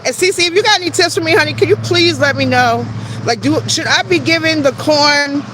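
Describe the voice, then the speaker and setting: A woman's voice: high-pitched, a little fast. Woman host, casual and chatty, talking to live viewers outdoors on a phone mic, faint noise behind. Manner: chatty, greets viewers by name, self-deprecating. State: out of breath while walking. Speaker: garden channel host. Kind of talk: casual live-stream garden tour. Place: outdoor backyard garden.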